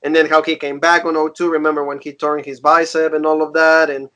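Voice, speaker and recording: A man's voice: on the high side, little pitch movement, fairly quick, pushed and bright. A man co-hosting a casual wrestling review, recapping in a rambling way with many fillers. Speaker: podcast co-host.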